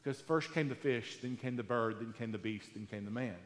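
A man preaching a sermon to a live congregation in a conversational, animated way, asking them questions. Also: mid-range voice, fairly quick. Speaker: pastor. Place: church hall with live congregation. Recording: echoey hall, roomy reverb.

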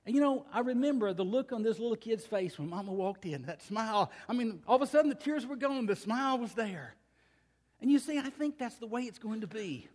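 An older man preaching a sermon, telling a folksy family story with slow, emphatic pauses. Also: sits high. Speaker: pastor. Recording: long hall reverb.

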